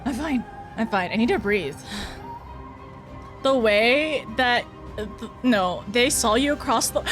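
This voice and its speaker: Game streamer, young woman, high voice, slow easygoing chat with viewers, faint music behind. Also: expressive. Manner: flustered, laughs often, talks to chat. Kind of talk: casual live-stream chat while gaming.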